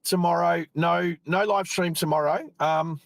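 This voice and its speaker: With a somewhat high voice, fairly even intonation, a measured pace, and vocal fry, a middle-aged Australian driving host chats on a live stream. Sitting in his parked car by an outback road, he rambles and cuts off his own thoughts, and there's no room sound.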